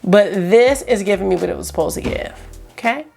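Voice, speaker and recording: A woman vlogger chatting excitedly through a makeup swatch review, rambling with lots of asides. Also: medium pitch, brisk, gravelly, faint music behind. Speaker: beauty vlogger.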